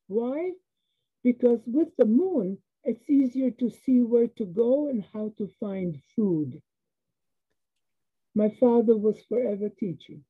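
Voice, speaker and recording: An older woman telling a personal story slowly and vividly, acting out the dialogue. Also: a little high, lively intonation, husky. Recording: tinny phone-like sound.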